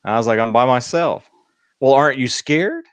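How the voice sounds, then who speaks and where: A man's voice: medium pitch, expressive, brisk, no room sound. A middle-aged man hosting a casual podcast, telling joking stories in an easygoing way. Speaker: podcast host.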